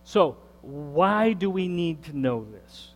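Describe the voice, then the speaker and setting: Slow, high-voiced preacher in a reverberant hall. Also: male voice, expressive. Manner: emphatic preacher, repeats phrases, asks the congregation questions. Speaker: pastor. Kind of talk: sermon. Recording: reverberant hall with faint mains hum.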